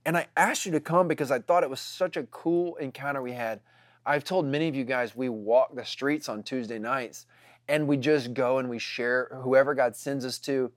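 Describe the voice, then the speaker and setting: A man's voice: mid-range voice, moderate pace, no room sound, clean studio sound. A man telling a casual story to his congregation, chatty and full of fillers.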